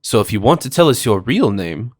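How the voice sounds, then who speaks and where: A man voicing a composed, sharp male detective who questions people with precise authority. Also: medium pitch, big pitch swings, a little fast. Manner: precise and commanding.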